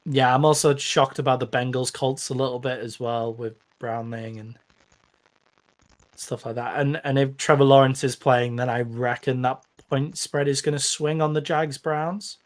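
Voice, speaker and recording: A young British man chats about football picks in an easygoing way. He laughs often and sounds relaxed with his co-host. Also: mid-range voice, normal speed. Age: young adult. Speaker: podcast co-host. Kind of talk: casual sports-betting chat.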